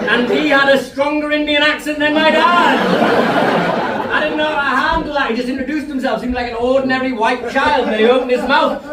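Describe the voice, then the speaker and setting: A young Geordie comedian works the room in a high, punchy voice. His set comes through an echoey club with the mic at a distance, and loud laughter and noise roll behind him. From Newcastle upon Tyne, England. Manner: punchy, chatty crowd work. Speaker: stand-up comedian. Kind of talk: live stand-up set. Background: loud crowd laughter.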